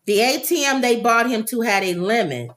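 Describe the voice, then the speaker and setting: A woman's voice: a little high, expressive, normal speed, fairly bright tone. A woman co-hosting a casual talk show, reading celebrity news aloud and breaking off to joke.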